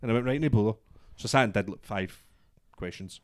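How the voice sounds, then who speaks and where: A young man with a Scottish accent and a lowish voice tells a story in casual chat, swearing freely. He acts out every voice in the exchange himself. The sound is dry and close. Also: quick pace, a little mellow, no room sound. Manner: swears a lot, acts out both sides of a story. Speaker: podcast co-host.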